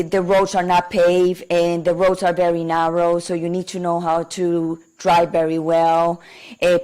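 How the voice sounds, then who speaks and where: A hoarse woman with a Colombian Spanish accent, a native Spanish speaker, talking as a podcast guest in heartfelt, emotional conversation. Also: fairly low pitch, a little mellow. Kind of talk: casual conversation.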